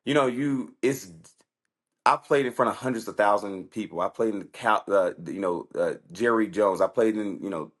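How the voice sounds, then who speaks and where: A man, a guest on an interview show, casually telling stories about his past in an animated way, acting out conversations with lots of "I was like". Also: fairly low pitch, normal speed. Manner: animated, acts out quoted exchanges with lots of "I was like". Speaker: guest, former football player turned fighter.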